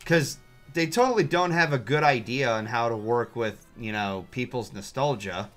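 A man's voice: mid-range voice, expressive, normal speed, fairly bright tone, faint music behind. A man in a casual game-stream chat making dry, offhand remarks. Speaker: stream co-player.

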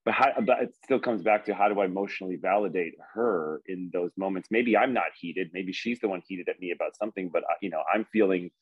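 A man with a low, husky voice talks quickly and rambles, restarting his sentences as he explains himself. The sound is dry and dull, like lo-fi call audio. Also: dry recording. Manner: rambling, many restarts and fillers. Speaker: caller seeking coaching. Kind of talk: casual chat.

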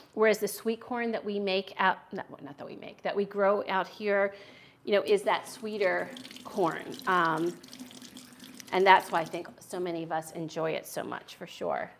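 A woman's voice: medium pitch, fairly bright tone, a little hiss or hum. A middle-aged American woman hosting a casual cooking livestream from her home kitchen, chatting with viewers as she chops. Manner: chatty, answers viewer comments while cooking. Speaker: cooking channel host.

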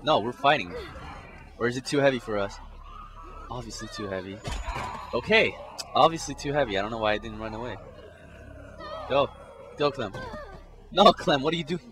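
A man's voice: medium pitch, animated, moderate pace, pauses often. A man giving casual commentary on a game he is playing, blurting profane reactions. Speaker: gameplay commentator. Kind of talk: casual let's play commentary. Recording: game music behind.

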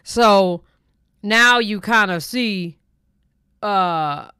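A woman's voice: mid-range voice, extremely slow, pushed and bright, smooth, no room sound, studio quality. A woman hosting a reaction show, commenting in a blunt, dismissive, sarcastic way. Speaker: reaction channel host.

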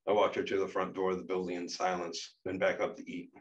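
A man reading his own memoir aloud in a measured, serious way. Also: deep voice, completely flat delivery, far from the mic, muffled recording. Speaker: narrator and author. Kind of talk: memoir narration.

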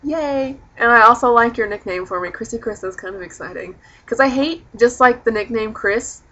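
A woman's voice: on the high side, brisk, pushed and bright, dull audio. A young woman chatting casually in a rambling vlog, sprinkling in swear words. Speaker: vlogger.

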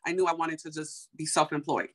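A young woman from Chicago telling a personal story in a casual, animated way, full of fillers and acted-out quotes. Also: sits low, brisk. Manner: animated, heavy on fillers, acts out quoted dialogue.

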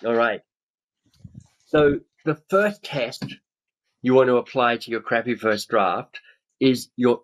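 A man's voice: mid-range voice, slow pace, pauses often, poor audio. A man in his fifties leading a coaching webinar over a video call, talking with enthusiasm and acting out other people's reactions. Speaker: webinar speaker and author. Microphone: webcam on a video call.

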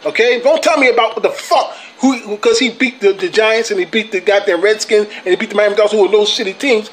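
A man's voice: high-pitched, brisk, few pauses, a bit bright, a little hiss or hum, poor audio. A man hosting his own sports channel, delivering a heated, profane, confrontational rant. He often repeats and restarts words when worked up. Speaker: channel host. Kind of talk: ranting sports vlog.

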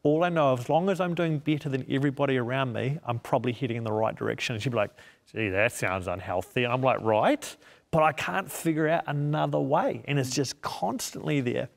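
A man's voice: mid-range voice, quick pace, vocal fry, long reverb tail. A man, a media missionary, giving an earnest personal testimony in an interview and acting out the voices in his head as he tells it.

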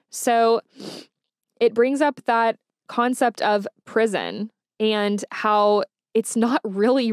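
A woman's voice: on the high side, no room sound. Indignant woman podcaster, dry sound. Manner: emotional, indignant, conversational. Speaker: podcast host. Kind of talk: solo true-crime podcast monologue.

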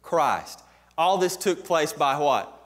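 A man's voice: a little high, very animated, slow pace. A man preaching a sermon as pastor, emphatic and posing questions to the congregation.

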